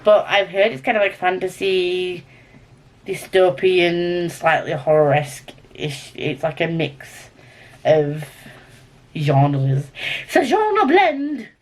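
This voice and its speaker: Excitable Scottish woman chatting about books. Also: fairly low pitch, slow. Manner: chatty, excitable, rambling with gasps and exclamations. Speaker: book vlogger. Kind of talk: casual chat to camera.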